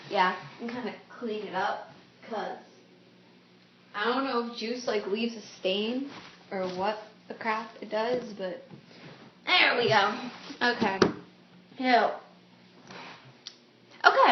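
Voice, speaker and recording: A woman's voice: on the high side, expressive, a little slow, long pauses. A woman vlogger chatting casually and mocking herself in a giggly way, in a room at home. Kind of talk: casual vlog chat. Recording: roomy dull home video with faint hiss.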